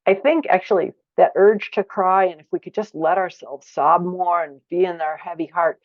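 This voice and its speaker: A woman giving a workshop lecture, expressive, acting out feelings with sighs and exclamations. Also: fairly low pitch, normal speed, no room sound, highs cut off. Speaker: teacher of a conflict practice.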